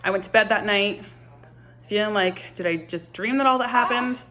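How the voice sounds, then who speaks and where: Soft-spoken young woman telling a painful story. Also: medium pitch. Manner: halting, emotional, often soft and hushed. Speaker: vlogger. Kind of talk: personal confessional storytelling.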